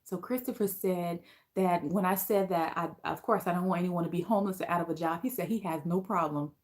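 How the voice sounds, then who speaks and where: A woman's voice: fairly low pitch, fairly quick, a little mellow. A woman with a Liberian accent chatting casually on a livestream, reading viewer comments aloud and responding to them. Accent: Liberian English.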